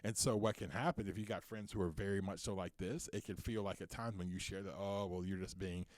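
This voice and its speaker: A man's voice: on the low side, fairly even intonation, fast, no echo. A man co-hosting a podcast, talking openly and with passion, his voice rising when he gets worked up. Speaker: podcast co-host and CEO. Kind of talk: candid podcast conversation.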